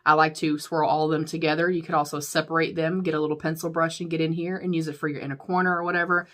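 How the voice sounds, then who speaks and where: This young woman from the United States is a beauty YouTuber giving a casual, chatty product review as she declutters her makeup, laughing a lot and addressing viewers as y'all. She talks fast in a low, slightly bright voice with little pitch movement.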